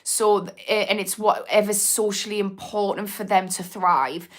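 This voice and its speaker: A young woman with a Geordie accent from Newcastle, England, chats casually on a livestream at a moderate pace, her medium-pitched intonation fairly even. She rambles, laughs and reads out comments from her viewers.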